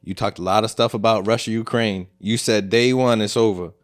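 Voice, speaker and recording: A man's voice: fairly low pitch, fairly even intonation, brisk. A man co-hosting a casual podcast as a comedian, talking loosely with joking asides and slangy phrasing. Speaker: co-host, comedian.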